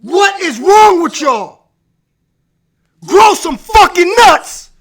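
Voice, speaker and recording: A man with a very high voice rants on a live stream from his man cave, cursing and shouting. His voice is hoarse and worn from the yelling. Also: big pitch swings, takes it slowly. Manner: aggressive profane shouting rant.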